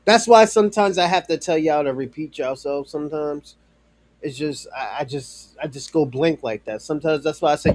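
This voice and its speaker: A man with a fairly high, darkish voice talks briskly during a casual live stream. He rambles, uses lots of fillers, keeps restarting, swears freely, and speaks directly to a chat viewer.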